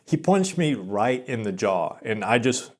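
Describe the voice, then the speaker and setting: A man in his thirties telling a personal story in a rambling, self-deprecating way, with many halting restarts. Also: medium pitch. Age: 30s. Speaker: vlogger. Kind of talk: confessional storytelling monologue.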